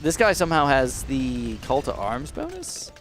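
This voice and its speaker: A man hosting live gameplay commentary, excitable and talking straight to his viewers, swinging from low muttering to shrieks of alarm. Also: normal speed, soft background music. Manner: addresses viewers directly. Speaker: gaming channel host.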